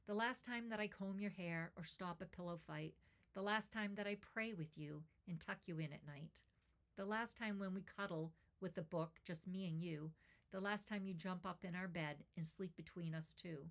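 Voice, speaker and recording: A middle-aged woman with a slightly low voice reads a heartfelt poem aloud and then talks casually. She sounds tender, and her voice catches with emotion. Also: moderate pace. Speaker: host.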